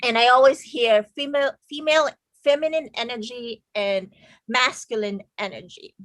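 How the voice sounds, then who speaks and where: Female guest in a casual discussion, higher pitch, hesitant with lots of fillers. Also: moderate pace, a bit bright, dry recording. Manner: hesitant, searching for words, many fillers. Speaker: discussion participant.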